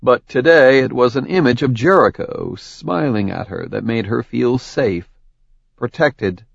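Male audiobook narrator, gravelly and unhurried, dull dry sound. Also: medium pitch, animated, no room sound. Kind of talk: scripted narration.

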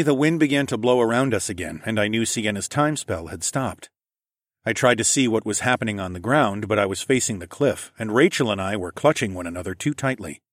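Low-voiced man narrating a fantasy story. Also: dry recording, studio quality. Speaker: audiobook narrator. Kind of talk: first-person fantasy narration.

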